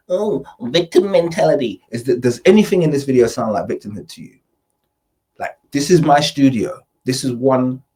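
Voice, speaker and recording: A man's voice: mid-range voice, a little mellow, slightly rough. A man hosting an opinion commentary vlog from his home studio, emphatic, repetitive and confrontational. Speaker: host.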